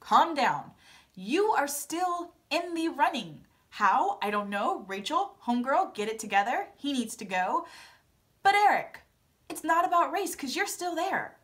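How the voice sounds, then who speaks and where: A woman's voice: high-pitched, sing-song, measured pace, a bit bright. A young woman casually recapping a reality TV episode, chatty and dramatic, acting out her own reactions. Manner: chatty, dramatic asides, playful quoted reactions. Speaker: recap vlogger.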